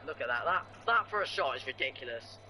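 A young man streaming a football video game, reacting with loud swearing outbursts. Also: mid-range voice, lively intonation, fast, a little hiss or hum. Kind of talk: live gaming stream chat. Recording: game sound loud in the background.

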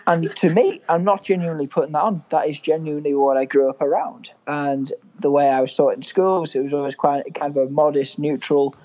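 A man's voice: on the high side, fairly even intonation, a little fast, hardly any pauses, mellow, dull audio. A young man from England with a mild northern English accent, a podcast guest telling stories in a chatty, good-humoured way. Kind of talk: casual chat.

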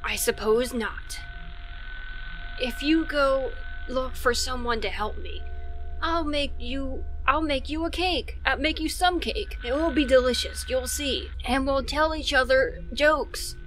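A woman voicing a huge man stuck in a hole who slowly begs and coaxes a child for help in a game. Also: high voice, fairly bright tone, a little hiss or hum. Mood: pleading. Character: huge trapped man, pleading and coaxing.

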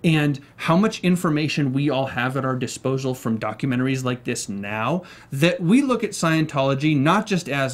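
A man's voice: medium pitch, animated, moderate pace, few pauses. A man giving blunt, opinionated takes in a casual panel discussion.

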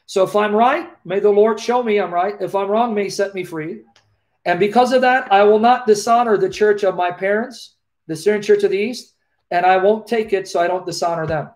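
A man hosting a live Q&A over a video call, telling a personal story in an earnest, emotional way and often repeating his phrases. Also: high-pitched. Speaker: host of a live Q&A.

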